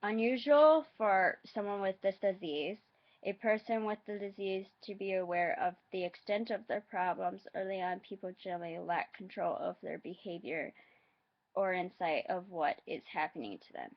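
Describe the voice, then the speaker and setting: A woman vlogger reading facts aloud in a halting, hesitant way, adding her own asides. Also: medium pitch, dull audio.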